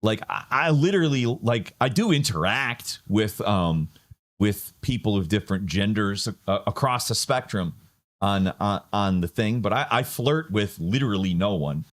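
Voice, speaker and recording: Low-voiced man rambling sardonically. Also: expressive, normal speed. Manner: sardonic, meandering, frequent fillers. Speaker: online commentator. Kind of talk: casual rambling commentary.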